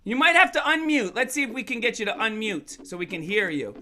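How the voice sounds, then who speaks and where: Woman, kids' show presenter: high, swooping, playful, coaxing the young viewers. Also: big pitch swings, brisk, bright, forceful tone, soft background music. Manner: playful, coaxing, talks straight to children. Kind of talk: lively online kids' workshop.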